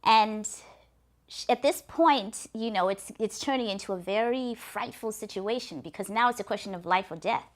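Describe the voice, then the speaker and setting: A woman telling a folktale and then reflecting on its moral, earnest and lively. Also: mid-range voice, normal speed. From Africa. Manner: earnest, lively narration with restarts. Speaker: storyteller.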